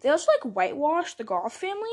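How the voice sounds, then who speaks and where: High-pitched, very animated and fast-talking, a young woman hosts her own podcast from home in a run of casual solo bloopers. She chats in a scattered way, stopping herself and starting over again and again.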